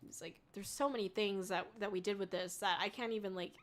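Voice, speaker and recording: A young woman streaming live, chatting casually with viewers, rambling and swearing often, and shrieking with excitement when she thanks them. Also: medium pitch, fairly quick. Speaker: VTuber streamer.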